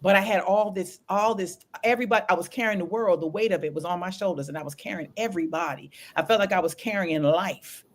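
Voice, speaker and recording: A woman's voice: lowish voice, fast talker, few pauses. A woman co-hosting a podcast in casual chat, telling stories with animation and acting out the dialogue. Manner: animated storytelling, acts out dialogue. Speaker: podcast co-host.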